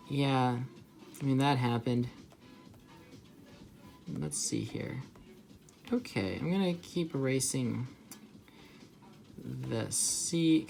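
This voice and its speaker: A young man rambling casually as he draws, with many filler words and restarts. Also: fairly high pitch. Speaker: artist vlogger. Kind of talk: casual rambling while drawing.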